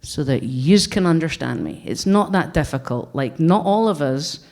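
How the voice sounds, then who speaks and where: A woman's voice: low-pitched, animated, normal speed, darkish tone. A Scottish woman in her forties gives a conference talk to an audience in a blunt, wry, joking manner. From Scotland. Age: 40s. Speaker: conference speaker.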